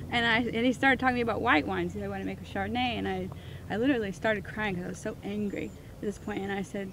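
A woman's voice: medium pitch, fairly even intonation, fast, noisy background. A woman from Missouri, a winemaker, telling her story in an interview and acting out the dialogue she quotes. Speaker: winemaker, guest.

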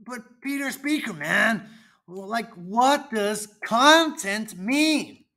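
A laid-back, curious dude of a student, as a performer puts him on, drawing out slangy questions slowly. The voice dips low and swings around a lot, with a bright edge. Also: expressive, heavily acted. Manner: casual slang, drawn-out questions. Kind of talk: children's educational roleplay.

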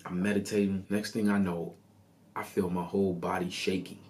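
A man's voice: deep voice, moderate pace. A man hosting a podcast, telling a personal story in a casual, conversational way with lots of asides. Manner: conversational, animated retelling with asides. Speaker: podcast host.

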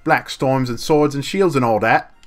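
A man's voice: medium pitch, soft background music, voice pushed up, lightly acted. A man voicing a young video game character with a shaky, put-on posh British accent, reading the lines in a raised voice. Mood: mock posh. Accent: attempted posh British. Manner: self-conscious, halting imitation.

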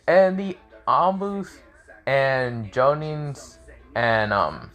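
A man's voice: mid-range voice, animated, very slow, fairly bright tone. A man improvising a fan-fiction story aloud, rambling and hesitant, losing his place and swearing as he goes.

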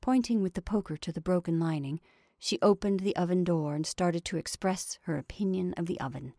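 A woman reading a short story aloud in a measured way, often dropping into a soft whisper. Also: on the low side, no echo, studio quality.

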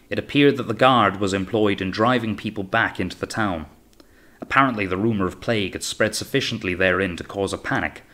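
A man reading an audiobook as narrator in a steady, measured way. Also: sits low. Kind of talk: scripted narration.

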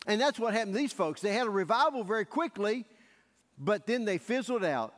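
A male pastor preaching a sermon in a church sanctuary, telling the story in an animated way and acting out the scenes. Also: high voice, brisk. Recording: echoey church hall.

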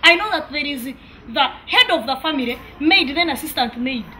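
A sassy young housemaid, played by a woman, mocking and talking back with a high voice that swoops up and down. Faint outdoor noise sits behind her in this comedy sketch. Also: expressive, moderate pace, bright, forceful tone. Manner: cheeky, mocking, talks back.

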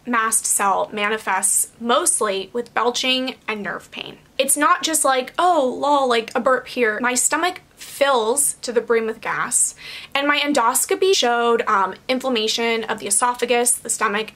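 Bright, high-voiced young woman vlogging. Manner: frank, chatty, laughs easily, swears lightly. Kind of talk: candid casual chat to camera.

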